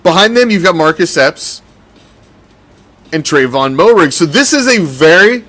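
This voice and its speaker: Man, sports host, casual commentary, lively pitch, bright tone, swears a lot. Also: measured pace. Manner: animated, profane, rambling.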